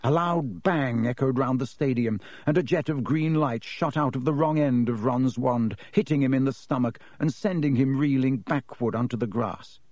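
Man, audiobook narration, expressive reading, dry studio sound. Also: medium pitch, normal speed, hardly any pauses, no room sound, muffled recording. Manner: reads expressively, voices each character.

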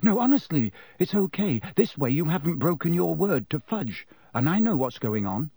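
An earnest teenage boy wizard, as a male narrator puts him on, his voice pushed up high and bright with youth. He speaks sincerely and quickly in a close, dry audiobook reading. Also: big pitch swings, slightly rough, dry recording, full character voice. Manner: lifted, earnest boyish voice.

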